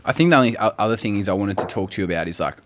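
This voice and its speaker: A man's voice: fairly low pitch, very fast, fairly bright tone, a little hiss or hum. Laid-back man in his thirties. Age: 30s. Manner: laid-back, jokey, laughs often. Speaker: podcast co-host. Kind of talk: casual chat.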